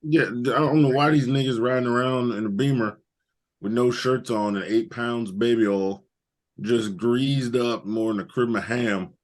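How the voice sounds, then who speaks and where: A man's voice: mid-range voice, fairly even intonation, moderate pace. A man co-hosting a wrestling podcast, ranting crudely and jokingly about the show. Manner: loud joking rants with crude slang. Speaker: podcast co-host. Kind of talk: profane comedic wrestling recap.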